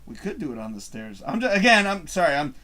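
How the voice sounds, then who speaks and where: A man's voice: on the high side, sing-song, fast talker, sharp tone. A man hosting a live stream show, chatting casually while drinking, rambling and chuckling as he reads viewer comments aloud.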